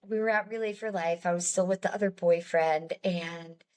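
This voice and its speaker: A woman's voice: lowish voice, steady tone, normal speed. Young woman guest, candid storyteller, chatty with small laughs. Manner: chatty, many "like"s, laughs between lines.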